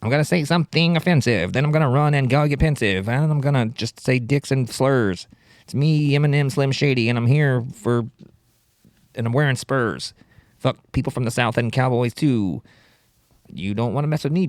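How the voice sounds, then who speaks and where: A man putting on a brash, crude rapper, rapping rhythmically in a shouty, mocking way. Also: mid-range voice, fairly even intonation, normal speed, hardly any pauses, dry recording, clean studio sound, close to an everyday voice. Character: brash aggressive male rapper, mock-tough and crude.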